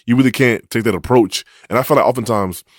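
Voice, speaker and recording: A man co-hosting a couples podcast, talking in a relaxed, loose way, full of restarts and casual slang. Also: medium pitch, fast, no room sound, studio quality. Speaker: podcast co-host. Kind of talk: casual chat.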